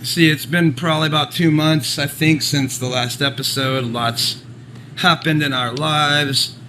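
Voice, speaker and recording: A man's voice: on the high side, steady tone, unhurried, background noise. A man co-hosting a comedic podcast, chatting casually, cracking jokes and swearing freely. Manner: jokey, swears freely, plays with silly voices. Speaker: podcast co-host.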